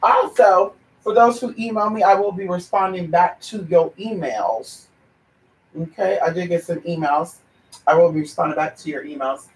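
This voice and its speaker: A sassy, teasing vlogger chatting casually to camera and calling everyone honey, now and then stretching words out slowly like a chant. The voice sits a bit back from the mic in a room with a clear echo. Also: male voice, high-pitched, recorded from a distance, a little hiss or hum.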